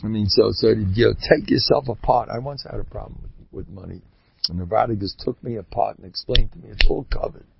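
A man, a rabbi, giving an informal religious talk in an animated, rambling way, often mimicking other people's voices. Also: on the low side, a little fast, creaky, slight background noise. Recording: dull lo-fi recording.

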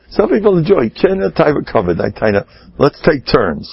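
A lively man spins comic tales in a husky voice, his pitch leaping as he imitates others. The recording is dull and lo-fi. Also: normal speed, no room sound. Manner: animated, laughs at own stories, mimics people with rising voice. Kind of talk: humorous storytelling talk.

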